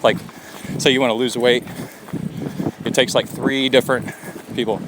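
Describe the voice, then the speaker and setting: A man records himself running outdoors. He talks in a casual, rambling way and acts out his quotes. His mid-pitched voice sits over clear street traffic. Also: little pitch movement, moderate pace. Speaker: podcast host and coach. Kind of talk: casual storytelling while running. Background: passing traffic.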